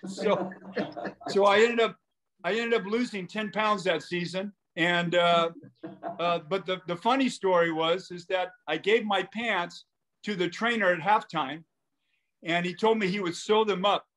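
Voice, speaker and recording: A man's voice: high voice, unhurried, fairly bright tone. An older man, a basketball coach and guest, telling anecdotes casually over a call and acting out the quotes in his stories.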